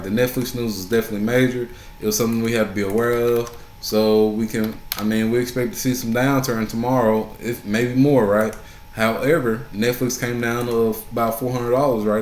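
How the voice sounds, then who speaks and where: A stock market vlogger gives a casual recap of his trading day in a relaxed, conversational way, his voice at an ordinary pitch and a little mellow. He keeps asking "right?" and repeats key points for emphasis. The room he's in sounds noticeably echoey.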